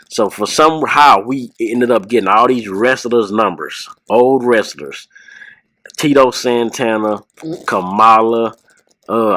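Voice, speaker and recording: A man hosting a podcast, telling a rambling story with laughs and quick voice impressions. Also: on the low side, fairly bright tone, dry recording, poor audio. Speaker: podcast host.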